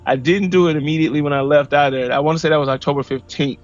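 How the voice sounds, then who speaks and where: A man in his forties from Missouri, a podcast guest telling a personal story in a lively, casual way and acting out what people said. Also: a little high, very fast. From Missouri, USA. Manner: animated, acts out quoted dialogue. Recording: dull lo-fi audio with faint music.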